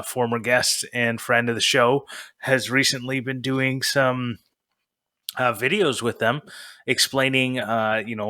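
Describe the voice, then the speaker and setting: A man's voice: mid-range voice, pushed and bright, no echo. A man co-hosting a podcast in casual chat, rambling with many fillers as he makes recommendations. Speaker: podcast co-host.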